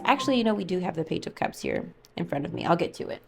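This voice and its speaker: A woman's voice: on the low side, huge pitch swings, fast talker, gravelly, darkish tone, slight background noise. Chatty woman reading tarot cards. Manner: chatty, musing, thinks aloud while pulling cards. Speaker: tarot reader.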